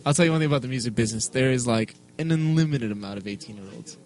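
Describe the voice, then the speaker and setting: A man co-hosting a podcast in casual banter, throwing in quick quips. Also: mid-range voice, a little mellow. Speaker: podcast co-host.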